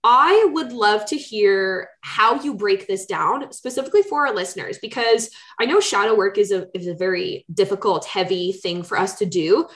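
A woman's voice: mid-range voice, normal speed, few pauses. A woman co-hosting a podcast who asks curious follow-up questions in casual chat. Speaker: podcast co-host.

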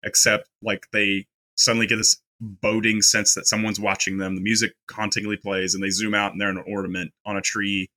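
Low, bright-voiced man chatting about films. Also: little pitch movement, a little fast, few pauses. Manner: chatty, many fillers and restarts. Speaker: podcast co-host. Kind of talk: casual film discussion.

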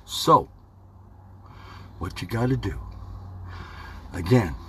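A man's voice: fairly low pitch, expressive, takes it slowly, bright, forceful tone, slight background noise. A man hosting his own podcast, giving a rambling, folksy motivational talk and chatting to himself playfully. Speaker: podcast host. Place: home studio.

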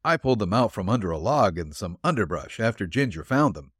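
A sly backwoods hunter talks in a folksy, glib drawl, as a male narrator puts him on. His voice runs low and lively, bobbing up and down. The storybook reading sounds dry and close. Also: a little fast, breathy edge, no room sound, heavily acted. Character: shifty rustic hunter, middle-aged man.

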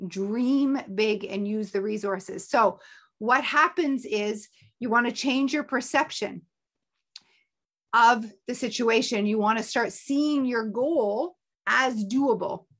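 Woman host coaching listeners, emphatic and energetic, fairly high-pitched. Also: slow. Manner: energetic and emphatic, with playful sound effects. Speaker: motivational coach and podcast host. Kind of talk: motivational talk.

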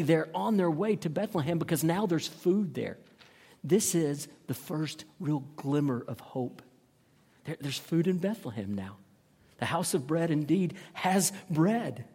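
A man's voice: a little high, dark tone, husky, big-room sound. A man preaching a sermon, reading a passage aloud and explaining it earnestly, often repeating words as he restarts.

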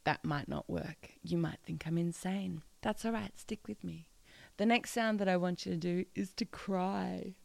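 A woman's voice: fairly low pitch, measured pace, creaky, darkish tone, dry recording. A playful, encouraging woman teaching a singing lesson and demonstrating odd vocal sounds.

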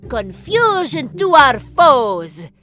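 A boastful storybook bandit, eager and cheerful, speaking in stiff, formal phrases, put on by a woman narrator. His voice rides high and swoops about, and the words come slowly. Faint music plays underneath. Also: very animated, fairly bright tone, full character voice. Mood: grandiose. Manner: grandly formal speech.

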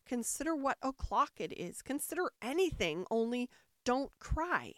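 A woman voicing the old, scatterbrained White Queen, who talks in a fussy way and breaks into shrill, squeaky screams. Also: sing-song, measured pace, a bit bright, no room sound, clean studio sound, heavily acted. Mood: fussing.

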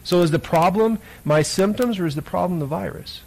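Playful questioning pastor, man, high voice. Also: a little fast, creaky, a little mellow, low-quality recording. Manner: playful, asks the listeners many questions. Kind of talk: children's sermon. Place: church.

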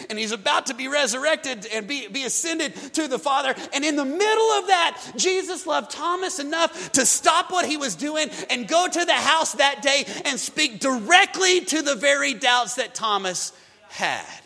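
A man preaching a sermon as pastor, swinging between loud urgent lines and quiet hushed ones. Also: extremely high pitch, animated, normal speed, vocal fry, in a large hall.

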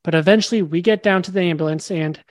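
A man's voice: high voice, quick pace, dry recording. A young man, a podcast guest, tells a story animatedly and acts out the dialogue. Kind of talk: storytelling in a casual interview.

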